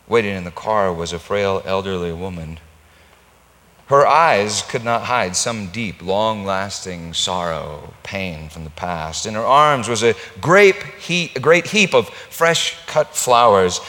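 Slow-paced male preacher in a reverberant hall. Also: lively intonation. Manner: dramatic storytelling, bursts into loud high-pitched mock pleading. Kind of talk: sermon.

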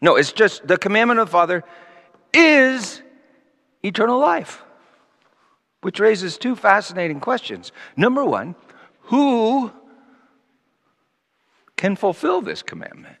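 High, lively male preacher in a hall. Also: takes it slowly, gravelly, long pauses. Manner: animated, swinging from loud emphasis to quiet asides. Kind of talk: sermon with Bible teaching. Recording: long reverb of a large hall.

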